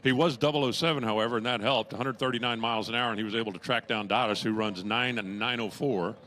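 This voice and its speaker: Bright-voiced, jokey drag strip announcer man. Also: medium pitch, steady tone, fast talker, slight background noise. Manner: jokey, chatty asides and puns between races; raises his voice during launches and finishes. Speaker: drag racing track announcer. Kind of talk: live race commentary.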